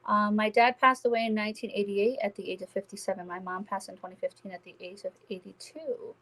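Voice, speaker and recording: A woman working as a psychic medium, giving a live-stream spirit reading and speaking gently and reassuringly to viewers by name. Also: medium pitch, steady tone, fast talker, rough recording.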